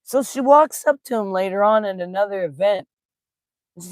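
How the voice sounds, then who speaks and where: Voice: medium pitch, brisk, no echo, clean studio sound. A spiritual teacher giving a casual live-streamed talk, telling stories with folksy slang and greeting viewers in the chat. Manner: laughs easily, folksy slang.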